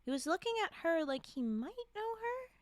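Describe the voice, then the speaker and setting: A woman reading holiday stories on a live stream, slightly hoarse from a frog in her throat, often breaking off to chat and giggle with viewers. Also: extremely high pitch, big pitch swings, moderate pace, dry recording.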